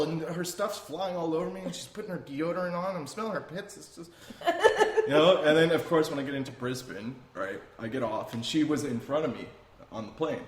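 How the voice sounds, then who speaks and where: A young man, a guest telling travel stories in an animated, rambling, self-amused way. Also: on the high side, brisk. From Canada. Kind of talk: casual storytelling. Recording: echoey room, faint noise.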